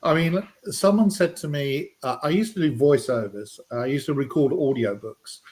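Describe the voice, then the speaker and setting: A man's voice: a little high, moderate pace, a little mellow. A man with a British accent hosting a live stream, chatting casually and rambling, with plenty of ums and uhs. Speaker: livestream host.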